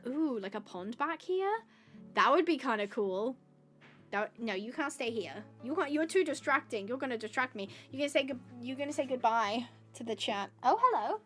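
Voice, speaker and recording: A high-pitched woman talks through a casual livestream, bubbly and chatty and full of thanks for her viewers. Quiet music plays faintly underneath her voice. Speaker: livestreaming gamer.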